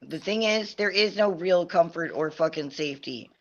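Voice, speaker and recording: A man on a livestream talk show, ranting in anger and swearing hard at every turn. His voice sits a little high for a man. It comes through muffled, lo-fi stream audio. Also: moderate pace. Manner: angry, ranting, heavy swearing. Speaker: podcast co-host. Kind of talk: heated livestream discussion.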